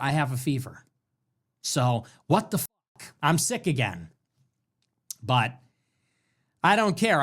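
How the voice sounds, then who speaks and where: A man hosting a ranting political talk show. He talks in an animated way and swings between loud bursts and muttered asides. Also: fairly high pitch. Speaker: show host.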